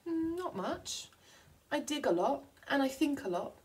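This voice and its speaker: A woman's voice: high voice, very animated, unhurried, darkish tone, pitched above the performer's own voice. A woman voicing a meek little boy wombat. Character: lost little male wombat, slow and thoughtful.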